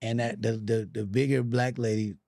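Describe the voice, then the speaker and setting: A comedian and actor in his forties, appearing as a podcast guest, tells profane stories, imitating other people's voices and laughing along. His voice is medium-pitched, level, gravelly and mellow, at a normal speed.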